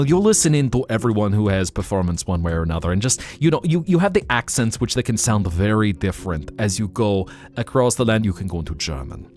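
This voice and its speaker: A man's voice: fairly low pitch, darkish tone. A man hosting a live stream, chatting casually in a rambling, explaining way.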